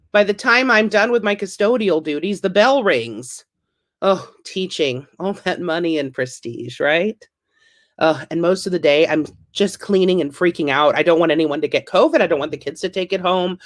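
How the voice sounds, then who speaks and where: A woman in her thirties doing a stand-up comedy set, wry and self-deprecating, with punchy delivery. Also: fairly low pitch.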